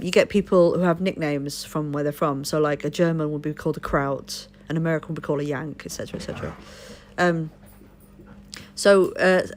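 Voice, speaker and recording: A woman from Liverpool live streaming, telling a rambling story in casual chat, swearing freely and breaking off to thank followers. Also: low-pitched. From Liverpool, England.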